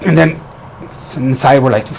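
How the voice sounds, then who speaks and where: A man's voice: medium pitch, normal speed, gravelly, darkish tone, a little hiss or hum. A man giving an earnest motivational talk as a relationship coach, often restarting and repeating phrases.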